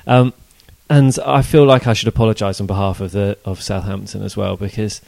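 A man's voice: on the low side, steady tone, a little fast, creaky, a little mellow, no echo. A man co-hosting a casual football podcast, chatting in a rambling way with fillers and restarts. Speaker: podcast co-host.

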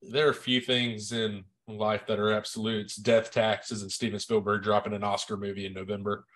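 A man's voice: lowish voice, little pitch movement, moderate pace, a bit bright. A man co-hosting a movie podcast, talking in a laid-back, matter-of-fact casual chat. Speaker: podcast co-host.

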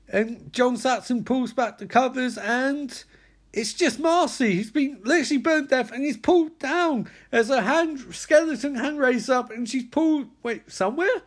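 A man casually recapping a horror film in an excitable, profane way, with frequent exclamations. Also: extremely high pitch, normal speed.

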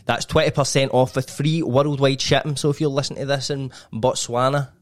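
Young man, podcast co-host, mid-pitched voice, laddish banter, swearing. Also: fairly even intonation, fairly quick. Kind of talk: casual chat and read ad.

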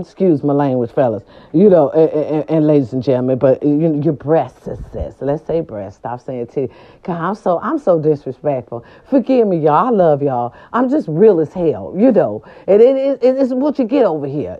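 Woman, vlogger, salty and playful, straight talk to viewers, muffled lo-fi audio. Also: lowish voice. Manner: blunt, profane, playful, talks straight to viewers. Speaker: vlogger telling a story to viewers. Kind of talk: casual storytelling vlog.

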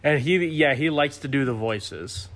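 A man's voice: mid-range voice, measured pace, fairly bright tone. A man guesting on a podcast, chatting casually and agreeably about a story. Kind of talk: casual book discussion.

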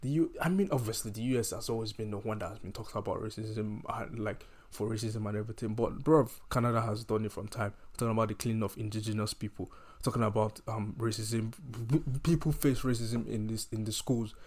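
A man's voice: on the low side, steady tone, fast, few pauses, darkish tone. Man in an impassioned rant. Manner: heated, emphatic, repeats and restarts phrases.

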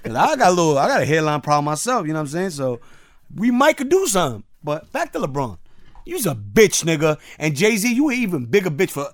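A man hosting a casual show, ranting loudly with heavy slang and swearing. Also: on the high side, brisk, no room sound, studio quality. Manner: loud, animated, swearing, street slang. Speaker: host. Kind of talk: casual profane rant.

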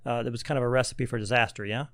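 A man's voice: medium pitch, fairly even intonation, racing, fairly bright tone, no room sound. A man hosting an interview, engaged and asking long leading questions.

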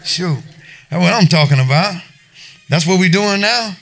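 A middle-aged man delivering an informal sermon to a congregation. His voice sits high and sounds bright and forward. He talks in a folksy, conversational way, circling back and repeating himself as he makes his points. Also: animated, moderate pace. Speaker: preacher at a recovery ministry.

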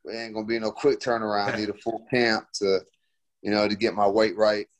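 A man's voice: lowish voice, little pitch movement, fairly quick. A young man, a fighter, answering interview questions in a laid-back, slangy way full of fillers.

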